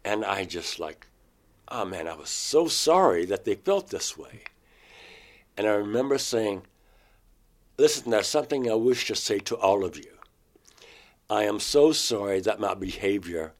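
Pausing often, a man with a low, expressive, slightly mellow voice tells his story at a moderate pace. As an interview guest, he earnestly describes his abduction in the first person, reenacting what he said back then.

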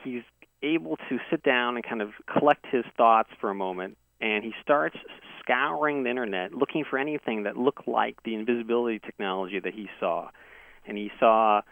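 A man's voice: mid-range voice, normal speed, vocal fry, no room sound. A male guest earnestly telling a detailed personal story in a conversational way, heard over a phone. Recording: tinny dry phone line.

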